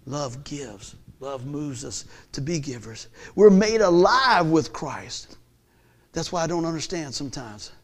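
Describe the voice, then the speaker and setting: A man preaching a sermon in a folksy, conversational way, swinging from hushed lines to shouts. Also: a little high, big pitch swings, a little slow.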